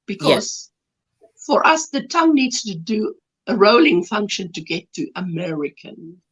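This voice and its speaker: Lively, husky South African woman on a call. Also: mid-range voice, a little slow. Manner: chatty, laughs while explaining. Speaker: guest. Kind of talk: casual video-call interview. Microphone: video call.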